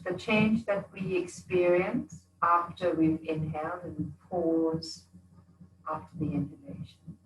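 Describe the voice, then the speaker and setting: Woman yoga instructor, low and soothing, leads breathwork in an echoey studio. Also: far from the mic. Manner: slow, soothing guidance. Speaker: yoga teacher. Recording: echoey room.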